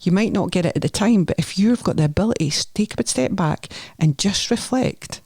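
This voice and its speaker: A woman's voice: medium pitch, expressive, a little fast, a little mellow, husky, no room sound, studio quality. Chatty Scottish woman telling her story. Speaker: podcast guest, nurse therapist. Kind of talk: candid podcast conversation.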